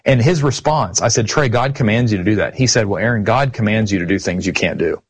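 A man's voice: on the low side, lively intonation, fast talker, breathy edge. A man hosting a casual discussion of scripture, retelling past exchanges in a conversational way. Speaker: podcast host.

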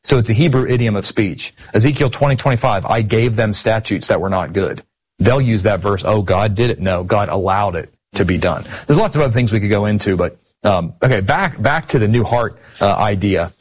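A man's voice: fairly low pitch, a little fast, husky. A man hosting a casual discussion of scripture, retelling past exchanges in a conversational way. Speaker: podcast host.

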